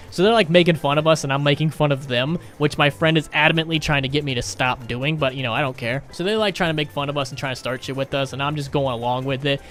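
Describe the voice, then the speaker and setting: A young man with a slightly high voice tells a rambling, self-mocking story, joking at his own expense as he goes. The voice sits a little above the usual male range, with faint music playing behind. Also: fairly bright tone. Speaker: gaming YouTuber. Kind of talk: storytime over gameplay.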